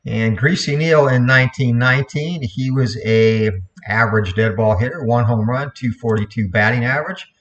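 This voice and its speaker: A man calling play-by-play for a replayed computer baseball game, in a steady voice, correcting himself now and then. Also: mid-range voice, normal speed, highs cut off. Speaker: play-by-play commentator.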